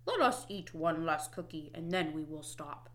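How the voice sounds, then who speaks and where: A woman voicing a timid, greedy male toad in a children's storybook, with a soft, hesitant, pleading delivery. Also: deep voice, lively intonation, normal speed.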